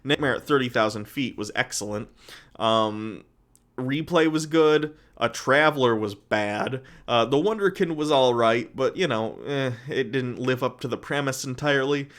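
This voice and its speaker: A man talks through his review of a television season in a loose, conversational way. He leans on fillers and often restarts his sentences. His voice sits at an ordinary middle pitch. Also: moderate pace, fairly bright tone. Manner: chatty, filler-heavy, self-correcting. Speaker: show reviewer. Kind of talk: casual spoken review.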